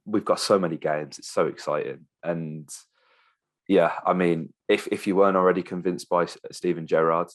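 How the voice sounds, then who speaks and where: A man with a very low voice chats as co-host of a casual football podcast. He sounds enthusiastic and chummy. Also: steady tone, normal speed. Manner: enthusiastic, chummy, says mate and bro.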